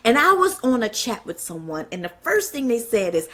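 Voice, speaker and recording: A woman delivers a fiery, passionate sermon to a gathering, piling up rhetorical questions. Her voice is bright and forward with a husky edge. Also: fairly high pitch, brisk. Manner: fiery, fires off rhetorical questions, apologizes for getting excited. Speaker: speaker at a church event.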